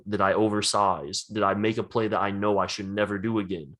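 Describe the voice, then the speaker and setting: A man with a fairly low voice talks through his trading habits in a loose, unscripted way. He rambles and fills his sentences with "like," staying earnest throughout. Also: fairly bright tone. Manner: rambling, says "like" often, earnest. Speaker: trading educator. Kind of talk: casual advice talk.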